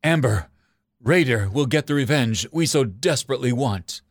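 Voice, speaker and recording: Man doing a sad young dad fox, gentle and quiet, storybook. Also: mid-range voice, animated, moderate pace, no echo, studio quality. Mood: sorrowful. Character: grieving young father fox.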